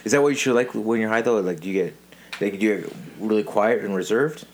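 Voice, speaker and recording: Chill podcast host guy, deepish voice, tells stories and laughs. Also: fast, a little hiss or hum. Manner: animated storyteller, laughs often. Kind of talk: casual chat.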